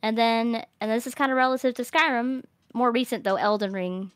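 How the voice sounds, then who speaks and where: A young woman streamer chatting casually in a rambling, animated way, laughing often. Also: on the high side, a little fast, clear, resonant tone, no echo, clean studio sound. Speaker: streamer host. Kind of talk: casual chat.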